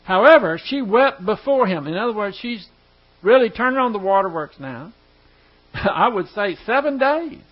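A man's voice: high voice, expressive, moderate pace. A man teaching a Bible lesson in a chatty, joking way, reading scripture aloud and adding asides. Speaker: preacher. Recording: dull lo-fi recording with mains hum.

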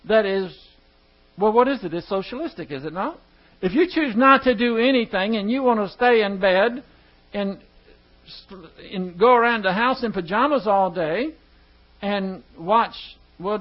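A man's voice: high voice, dull audio. A man teaching an evening Bible study who often stumbles over words, restarts them, and puts questions to his class. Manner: asks the class rhetorical questions.

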